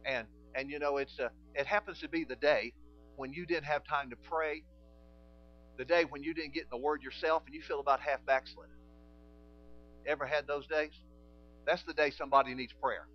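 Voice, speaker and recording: A man preaching a sermon, telling stories and acting out conversations in quieter voices. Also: on the high side, normal speed, highs cut off. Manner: animated storytelling, acting out dialogue in quiet voices.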